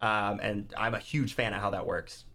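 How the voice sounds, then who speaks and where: Appearing as a podcast guest, a male YouTuber and author talks casually and performs movie scenes in quoted voices. He has a lowish, sharp-toned voice with fairly even intonation and a moderate pace.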